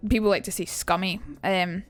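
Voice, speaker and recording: A woman's voice: medium pitch, fairly even intonation, moderate pace, faint music behind. A young woman with a Glaswegian Scottish accent, streaming a casual lesson, chatty and sweary and reading out her chat. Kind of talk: casual live-stream teaching.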